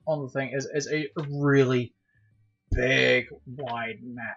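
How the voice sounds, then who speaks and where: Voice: mid-range voice, fairly even intonation, slow pace, creaky, fairly bright tone, soft background music. Stammering game master, dull lo-fi sound. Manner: stammering, chuckling. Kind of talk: narrating a tabletop game. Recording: slightly dull lo-fi audio.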